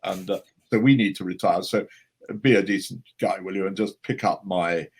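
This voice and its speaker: A man imitating an elderly male actor, speaking in a measured, courteous and commanding way with a husky voice. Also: deep voice. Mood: weary, polite. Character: elderly male actor, grave, formal, deep.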